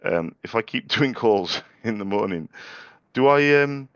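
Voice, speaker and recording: A man's voice: lowish voice, animated, a little slow, a bit bright, clean tone, dry recording, dull audio. A young man making sales calls and chatting casually to camera, polite and chatty, with frequent stammered restarts. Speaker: small business owner making sales calls. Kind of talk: casual vlog with live phone calls.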